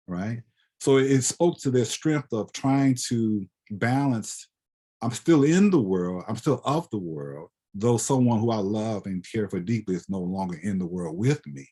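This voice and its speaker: Husky, lower-voiced male guest lecturer, reflective and conversational. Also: animated, unhurried, mellow. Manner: conversational, often ends with "right?". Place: lecture hall.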